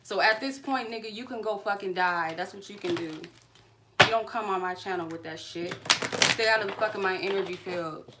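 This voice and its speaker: A woman hosting her own reading channel vents in an angry, profane live-stream rant aimed at a viewer. Her delivery is confrontational and cursing throughout. A clear, steady noise runs behind her voice. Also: medium pitch, brisk. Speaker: tarot card reader and channel host.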